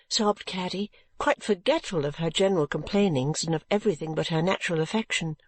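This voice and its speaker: A woman reading a classic novel aloud in a measured, even narration. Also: fairly low pitch, no room sound. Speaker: audiobook narrator. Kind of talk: scripted narration.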